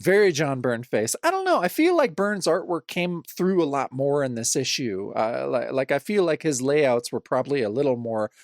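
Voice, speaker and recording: A man's voice: mid-range voice, very animated, moderate pace, hardly any pauses, dry recording, clean studio sound. A man co-hosting a casual comic book podcast, talking bluntly and swearing now and then. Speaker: podcast co-host.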